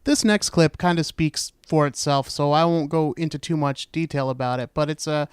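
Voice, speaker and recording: A man's voice: fairly high pitch, moderate pace, clear, resonant tone, dry recording, clean studio sound. A man hosting a podcast, giving blunt, sarcastic commentary. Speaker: podcast host.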